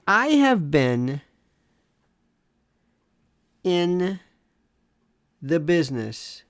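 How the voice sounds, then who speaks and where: A man's voice: fairly high pitch, sing-song, very slow. A man in his sixties from Florida, a legal commentator giving a sarcastic solo monologue and sometimes dropping into mock whispers. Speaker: legal commentator and talk host.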